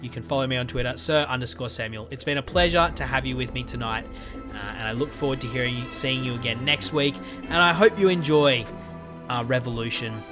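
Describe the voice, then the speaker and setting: A man's voice: mid-range voice, brisk, over music. A man hosting his own podcast from a room at home, talking casually and rambling with frequent ums and restarts. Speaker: podcast host. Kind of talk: casual solo podcast sign-off.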